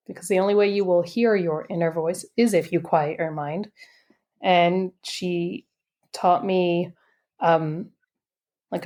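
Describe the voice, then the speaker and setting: Chatty woman telling a story. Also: fairly low pitch. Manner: animated, acts out quoted dialogue with voice shifts; chatty, many "like" and "I'm like" asides. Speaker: guest, intuitive coach. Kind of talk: casual anecdotal storytelling.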